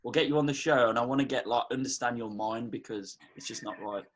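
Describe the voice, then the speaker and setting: A man's voice: medium pitch, quick pace. A man from England co-hosting a casual podcast, laid-back and chiming in. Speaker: podcast co-host. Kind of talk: casual chat.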